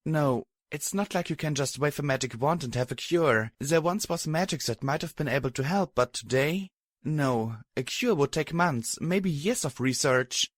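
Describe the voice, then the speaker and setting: A man voicing a timid young pegasus mare with a soft, gentle way of talking, in a fan audiobook. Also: a little high, lively intonation, moderate pace, no echo, studio quality, pitched above the performer's own voice.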